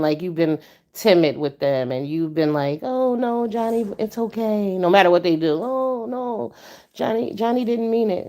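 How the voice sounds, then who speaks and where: Blunt, profane woman chatting to her stream. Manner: blunt, profane and stern, with animated pitch jumps. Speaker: livestream host. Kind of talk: casual livestream chat with viewers.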